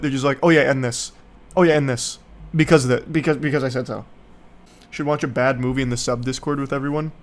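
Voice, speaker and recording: A man giving casual, rambling movie commentary, sarcastic, profane and mocking. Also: on the high side.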